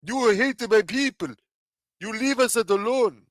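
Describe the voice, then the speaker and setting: Man doing a shrill, hostile guy barking short broken phrases, pitched far above his own voice. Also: unhurried, a bit bright, no echo, clean studio sound. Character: shrill defensive man shooing off questioners.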